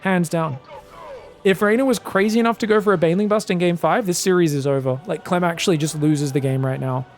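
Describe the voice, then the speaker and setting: A man giving live commentary on a strategy game match, chatty and excitable, breaking into loud shouts at big plays. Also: high voice, a little fast, soft background music. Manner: chatty, addresses viewers directly. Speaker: esports caster.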